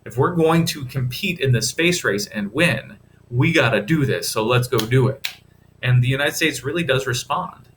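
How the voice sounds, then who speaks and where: A man's voice: mid-range voice, moderate pace, fairly bright tone, slight background noise. A male history teacher giving a recorded lecture in a casual, chatty way, with asides to the listener.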